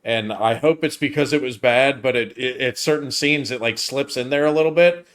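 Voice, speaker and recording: A man's voice: mid-range voice, a little fast. A man hosting a casual movie review chat, rambling and often restarting his sentences. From United States.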